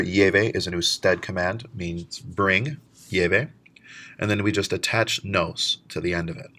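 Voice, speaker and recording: A man with a very low, deep voice teaches a recorded lesson. He explains step by step and slows down whenever he models a word. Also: a bit bright. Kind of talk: recorded lecture.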